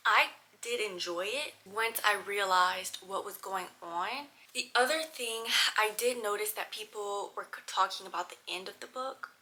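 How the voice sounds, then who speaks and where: A woman's voice: mid-range voice, a little slow, hardly any pauses, pushed and bright, poor audio. A woman, chatting animatedly and emphatically as she reviews books on her vlog. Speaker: book vlogger. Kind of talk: casual book review chat.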